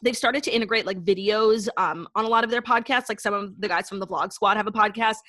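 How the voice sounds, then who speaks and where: A young woman co-hosts a pop culture podcast, chatting casually and bluntly, swearing freely and saying "like" a lot. Her mid-range voice is fairly bright, she talks quickly, and there's no echo.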